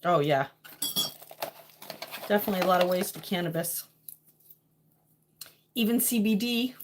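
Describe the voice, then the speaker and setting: A middle-aged New England woman hosts a casual livestream, chatting playfully with her viewers and laughing often. Her voice sits fairly high and sounds animated, moving at a normal speed with frequent pauses.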